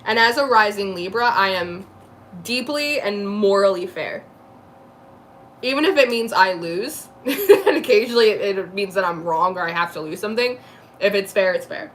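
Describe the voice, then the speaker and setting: Woman, tarot reader, talkative, mid pitch, faint background noise. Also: lively intonation. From New Jersey. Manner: chatty, laughs often, quick asides. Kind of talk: live tarot reading chat.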